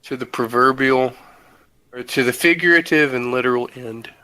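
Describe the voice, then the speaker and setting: A man's voice: mid-range voice, normal speed, bright, forceful tone, rough recording. A man co-hosting a podcast, chatting casually and enthusiastically with lots of "like" fillers. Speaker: podcast co-host. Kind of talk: casual chat.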